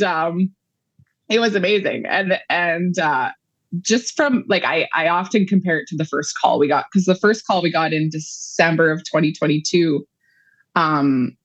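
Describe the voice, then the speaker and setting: A woman's voice: deep voice, dry recording, highs cut off. A woman in her thirties, a guest on an interview show, telling a long personal story in a rambling way with many fillers. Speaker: guest, mother of a child patient. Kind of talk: conversational interview.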